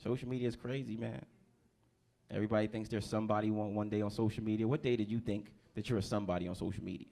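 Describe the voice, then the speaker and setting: A man's voice: lowish voice, steady tone, fast talker, gravelly, warm tone. A man in his thirties from New Jersey doing a stand-up set in a comedy club, brash and profane, working the crowd.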